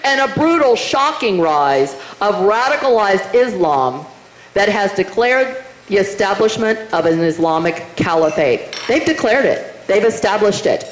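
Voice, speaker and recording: A woman's voice: medium pitch, animated, a little slow. A middle-aged woman giving a rousing, emphatic political rally speech in a meeting room, firing rhetorical questions at the crowd. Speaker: political speaker. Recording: roomy hall, faint noise.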